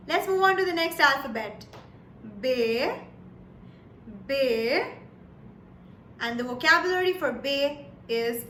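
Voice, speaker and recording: Slow, bright-voiced woman teaching German. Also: sits high, lively intonation. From India. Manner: repeats words twice, checks in with "Yes?" and "All right?". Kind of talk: slow, patient lesson delivery. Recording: echoey room with faint background noise.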